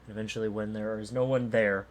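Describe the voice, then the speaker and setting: Lowish-voiced man running a tabletop game. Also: level tone, quick pace, a little hiss or hum. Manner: rambling with many fillers. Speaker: game master.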